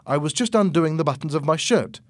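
A man plays a nervous young pilot in a storybook reading. He answers fast and defensively, his voice raised above the reader's normal tone. The recording is dry and close. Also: fairly high pitch, animated, darkish tone, no room sound, voice pushed up. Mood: tense, defensive. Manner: quick, defensive, lifted voice. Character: nervous young male pilot hiding a secret.

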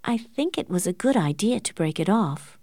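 A woman reading the part of a meddling, excitable middle-aged aunt, insistent and fussy. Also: moderate pace, dry recording, clean studio sound. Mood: knowing. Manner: insistent and fussy, rising shrill when upset. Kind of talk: audiobook character reading.

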